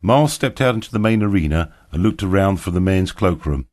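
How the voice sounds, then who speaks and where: A man narrating an audiobook in a steady, even reading. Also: sits low, a little fast.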